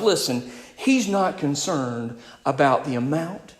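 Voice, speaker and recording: In an echoey room, a high-voiced male pastor delivers an emphatic sermon straight to his congregation. He moves back and forth between loud and quiet passages, speaking a little slowly.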